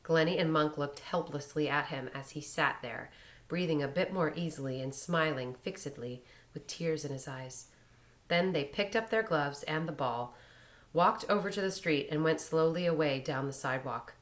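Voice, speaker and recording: A woman reading a short story aloud in a measured storytelling manner. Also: sits low. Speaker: reader.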